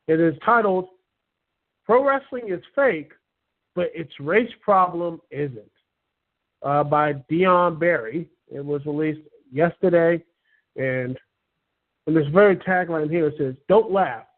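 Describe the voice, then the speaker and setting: A man hosting an online talk show, chatting casually and reading an article aloud with many halting fillers and stumbles. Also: a little high. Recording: tinny phone-line sound.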